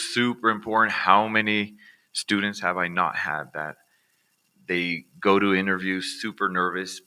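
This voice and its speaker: Bright-voiced American man teaching pronunciation. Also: low-pitched. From United States. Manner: casual, repeats "all right" as a check-in with viewers. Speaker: accent reduction teacher. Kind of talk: recorded online lesson.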